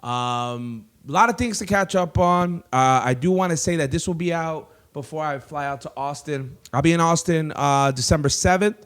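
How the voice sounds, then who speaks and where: A man's voice: on the high side, clear, resonant tone. A man hosting a comedy podcast in a studio, chatting casually with lots of rambling, laughter and crude asides.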